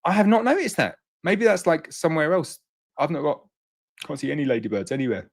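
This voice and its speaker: A middle-aged man hosting a beekeeping show, reading out viewer questions and answering them in a relaxed, chatty way. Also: fairly high pitch, fairly quick. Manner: relaxed and chatty, reads comments in a lifted voice. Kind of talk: casual live Q&A, reading out viewer comments.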